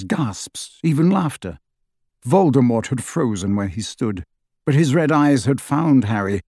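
Male audiobook narrator, measured dramatic read, mid pitch, dry close sound. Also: warm tone, no echo. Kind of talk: scripted narration.

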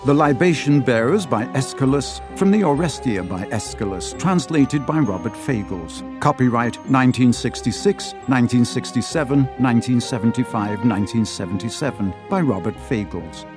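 Measured male audiobook narrator. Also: medium pitch, music in the background. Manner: measured, expressive storytelling. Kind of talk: scripted narration. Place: recording studio. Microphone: close studio mic.

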